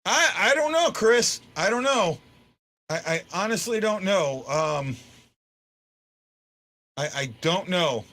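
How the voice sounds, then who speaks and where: A man hosts a casual fan post-game chat in a very bright voice pitched slightly higher than most men's. Speaking slowly with long pauses, he often stumbles and restarts as he thinks aloud, swinging between stunned disbelief and excitement.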